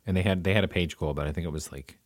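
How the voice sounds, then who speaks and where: A man's voice: low-pitched, racing, no echo, clean studio sound. A middle-aged man chatting casually, thoughtful and hedging as he talks. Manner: thoughtful, hedging, restarts phrases. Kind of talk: casual chat.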